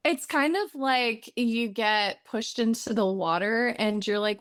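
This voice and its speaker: A friendly woman from Iowa speaks as a podcast guest, her voice sitting a little high. She talks in a measured, playful way. The sound is dry and close. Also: dry recording. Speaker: podcast guest, therapist and author. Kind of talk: casual interview chat.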